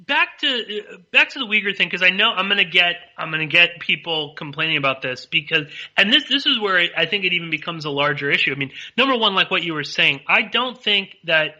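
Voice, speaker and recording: A male podcast host feels his way through a political point, pausing and restarting as he goes. His voice sits a little high and sounds very bright. The recording is slightly dull. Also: lively intonation. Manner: hesitant, many fillers and restarts. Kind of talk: political discussion.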